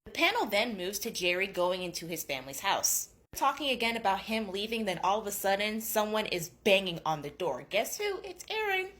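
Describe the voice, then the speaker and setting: A young woman in her twenties casually recapping a book, gossipy and animated, swearing freely. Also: medium pitch, a little fast, few pauses. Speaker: booktuber.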